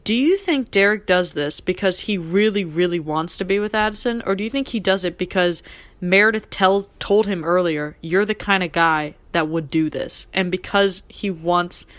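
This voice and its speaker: A woman's voice: on the low side, normal speed, no room sound. A young woman co-hosting a podcast, chatting casually and gushing over a TV episode while acting out quoted lines. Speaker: podcast co-host. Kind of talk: casual chat recapping a TV episode.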